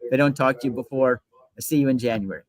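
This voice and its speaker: Man, guest, mid-pitched, lively retelling, dry close sound. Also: fast, no echo, rough recording. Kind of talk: casual political talk.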